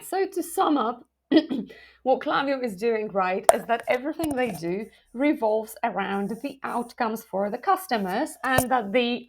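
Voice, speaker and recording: Chatty woman explaining a software strategy. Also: fairly high pitch, creaky. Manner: lively, conversational, frequent "um" fillers; self-aware asides with light humor. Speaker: product marketing video host. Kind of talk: explainer video talk to camera.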